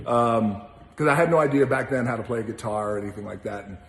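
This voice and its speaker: Man telling a lively story in a hall. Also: medium pitch, fast talker, a little hiss or hum. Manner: lively storyteller who acts out other people's lines and swears freely. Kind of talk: casual anecdote. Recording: roomy hall with long reverb.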